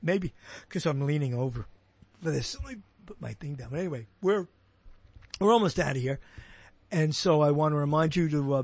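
A man's voice: medium pitch, no room sound. An older man hosting an internet radio show, rambling and joking with lots of fillers and restarts. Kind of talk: casual radio show chat. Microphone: boom mic.

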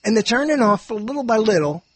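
A man's voice: high voice, animated, fairly quick, husky, no echo. An older man rambling through a meandering, self-interrupting monologue, chuckling as he muses.

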